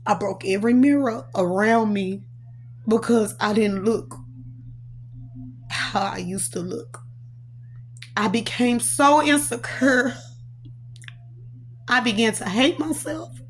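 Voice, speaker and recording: A woman's voice: a little high, slow, long pauses, a little hiss or hum. Earnest woman telling her testimony. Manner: earnest, emotional, recounting in quoted dialogue. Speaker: prophetess. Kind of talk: personal testimony storytelling.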